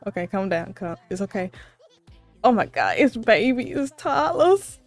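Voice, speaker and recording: A woman hosting a reaction video, gushing with excited, squealing exclamations and repeating herself, a little sleepy because it is late at night. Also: mid-range voice, normal speed, soft background music. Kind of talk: excited casual reaction commentary.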